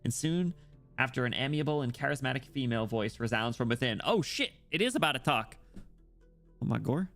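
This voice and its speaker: A male streamer reading a game's story aloud in a mid-pitched voice and interrupting himself with excitable, profane reactions. Faint game music runs under him. His delivery swings between steady reading and jokey outbursts. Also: brisk.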